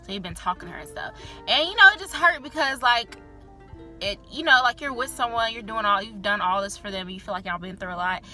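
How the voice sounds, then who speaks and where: A woman's voice: medium pitch, pushed and bright. A young woman vlogger telling a candid personal story in a chatty, filler-heavy way, swearing freely.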